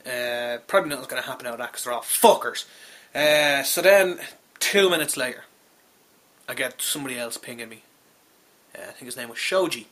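A man's voice: mid-range voice, expressive, a little fast, fairly bright tone. A young Irish man who works in a call centre, telling a rambling, exasperated, profane anecdote with lots of restarts. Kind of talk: casual spoken anecdote.

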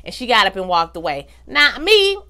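A woman's voice: medium pitch, sing-song, moderate pace, pushed and bright. A woman giving a casual, slangy recap of a TV episode, talking straight to her viewers and acting out the characters' lines. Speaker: TV show recap vlogger.

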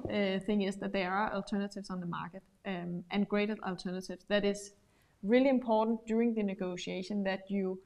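A woman's voice: medium pitch, darkish tone. A woman presenting a business webinar over a video call, explaining steadily with frequent fillers. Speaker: webinar co-host.

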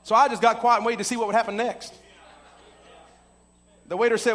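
High bright-voiced man preaching, storytelling sermon, climbs to shouting, big church reverb. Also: a little fast, pauses often. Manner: animated storyteller who builds to shouting, with many "uh" fillers. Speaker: pastor. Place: church sanctuary.

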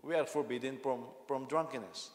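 A man preaching a sermon as senior pastor, telling stories with lively bursts and frequent restarts and repeated words. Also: medium pitch, moderate pace. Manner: animated storytelling, frequent repetitions and restarts. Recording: echoey hall with long reverb.

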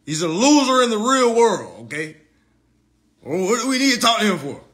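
A man hosting a comedic roast livestream, talking in an animated, profane way and laughing often. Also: high-pitched, moderate pace. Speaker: livestream host.

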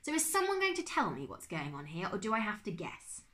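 A woman's voice: medium pitch, wildly swooping pitch, a little fast, a bit bright, pitched above the performer's own voice. A woman reading as a blustery uncle archaeologist. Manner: huffy, exclaiming, jolly. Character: eccentric adult male archaeologist uncle, blustery.

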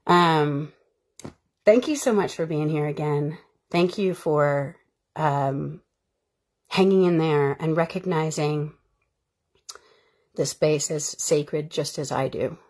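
A woman's voice: low-pitched, takes it slowly, pauses often, darkish tone, breathy edge. A woman who is an actor, chatting casually on her live stream in a rambling, heartfelt way. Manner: rambling, heartfelt and chatty, with frequent fillers and bursts of laughter.

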